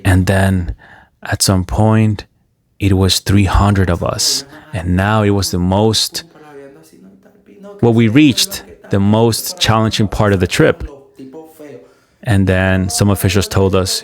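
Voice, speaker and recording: A man's voice: low voice, steady tone, slow pace, long pauses. Man animatedly retelling a first-person story. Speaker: commentary channel host.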